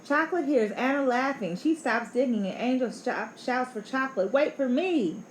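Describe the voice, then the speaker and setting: A woman reading a children's picture book aloud in an expressive, playful way. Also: high voice, moderate pace. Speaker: storybook reader. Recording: echoey room, faint background noise.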